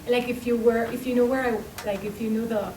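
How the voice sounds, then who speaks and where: A woman with a Spanish accent, a native Spanish speaker, speaking haltingly and searching for words while sharing advice. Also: a little high, steady tone. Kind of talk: casual group discussion. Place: school meeting room. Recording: distant, echoey, noisy room.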